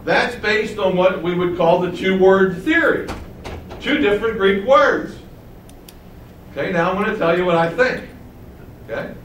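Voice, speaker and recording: A man's voice: high voice, a little slow, pauses often, a bit bright, reverberant, recorded from a distance, slight background noise, low-quality recording. A man preaching a sermon, teaching with rhetorical questions and asking his congregation to follow along. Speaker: pastor.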